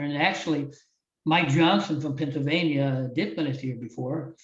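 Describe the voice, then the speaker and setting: Older guy telling his story, kinda high voice, echoey room, mic a bit far and dull. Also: fairly even intonation, normal speed. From Iowa, USA. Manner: earnest, heartfelt storytelling with frequent restarts. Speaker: guest, former wrestling champion and motivational speaker. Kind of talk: storytelling in a podcast interview. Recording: roomy, distant, slightly dull audio.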